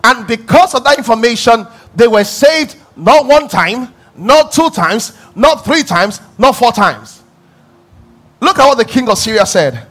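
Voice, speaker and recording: A man's voice: extremely high pitch, a little slow. A man preaching a sermon, telling stories with lots of emphatic repetition and frequent laughter. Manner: emphatic, repeating phrases for stress; animated storytelling, often laughing.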